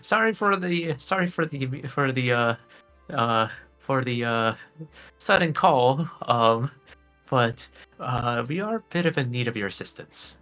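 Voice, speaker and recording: A man plays an eager young male Pokemon explorer in a tabletop game. He speaks in a polite, halting way, full of apologies, and his voice has a bright, forceful edge. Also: medium pitch, animated, soft background music, pitched above the performer's own voice. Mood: apologetic.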